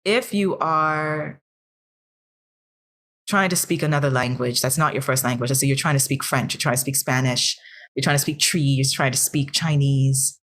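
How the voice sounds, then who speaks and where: A woman from the United States co-hosting a podcast, talking things through in a thoughtful, earnest way that grows animated when she makes a point. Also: a bass voice, normal speed. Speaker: podcast co-host. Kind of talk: casual podcast discussion.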